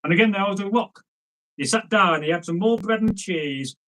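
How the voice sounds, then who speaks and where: A man's voice: sits high, moderate pace, a bit bright, poor audio. A man telling a folk tale aloud in a chatty, rambling way, often turning aside to address listeners. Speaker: storyteller. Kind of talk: oral folk tale storytelling.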